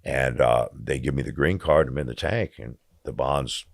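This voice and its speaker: A man's voice: very deep voice, normal speed, creaky, dry recording, clean studio sound. A man telling his story as a podcast guest in blunt, profane casual talk, acting out the dialogue as he goes.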